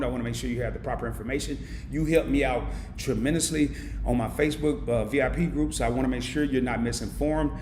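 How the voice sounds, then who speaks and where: A man's voice: mid-range voice, a little mellow, a little hiss or hum. A man hosting a casual live stream, reading viewer comments aloud and answering them with heartfelt thanks. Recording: echoey room.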